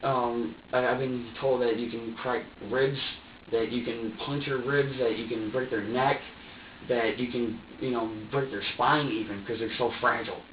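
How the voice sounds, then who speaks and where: Slight background noise sits under a man's mid-range voice, fairly even in intonation and at normal speed, as he is questioned as a suspect. He gives a long, rambling account, cursing freely, restarting often and voicing his own past thoughts. Far from the microphone in a bare interrogation room, he comes across distant, reverberant and dull.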